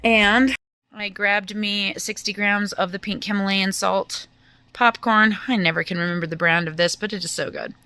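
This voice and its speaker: A woman in her fifties vlogging about her day in a casual, chatty, animated way. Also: mid-range voice, moderate pace, smooth, no echo. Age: 50s.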